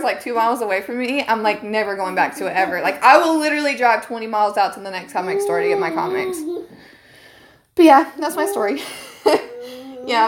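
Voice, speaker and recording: A young woman on her stream recounts a story to her viewers in a loose, chatty way. She sounds animated and indignant and swears freely. Her voice sits a little higher than most. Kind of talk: casual storytelling to a live stream.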